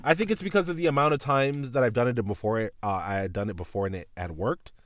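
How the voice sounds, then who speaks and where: A man's voice: medium pitch, fast, slight background noise. A man hosting a podcast, telling a childhood story in a casual, profane way. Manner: animated, profane, voices his teacher and mom in retelling. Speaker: podcast host.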